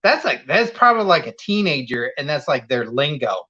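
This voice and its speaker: A man's voice: fairly high pitch, very animated, moderate pace, sharp tone, highs cut off. A man co-hosting a comedy wrestling show, bantering in a goofy, boastful way. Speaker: show co-host.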